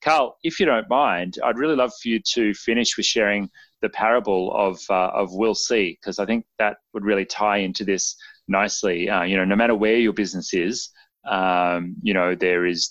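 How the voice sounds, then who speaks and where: A man hosting a podcast, talking in a halting, encouraging way with many fillers. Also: sits low, steady tone, fairly bright tone, no echo, muffled recording. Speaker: podcast host. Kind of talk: casual podcast interview.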